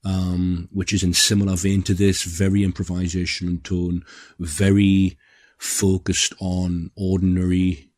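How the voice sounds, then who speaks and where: A man co-hosting a film podcast, speaking in a measured way with many pauses and ums. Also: deep voice, completely flat delivery, a little mellow, no echo, clean studio sound. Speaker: podcast co-host, film critic. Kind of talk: casual film discussion.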